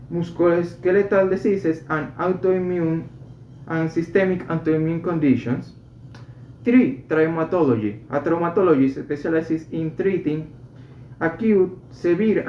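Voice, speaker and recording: A man's voice: fairly high pitch, a little mellow. Man reading textbook exercises in an echoey room. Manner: careful, measured reading with slips and restarts. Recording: echoey room, dull lo-fi sound, faint noise.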